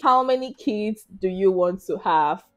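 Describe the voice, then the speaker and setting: A woman's voice: medium pitch, animated, unhurried, soft background music. A young woman with a Nigerian accent, chatting casually to viewers in a question-and-answer vlog and laughing often. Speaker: YouTuber.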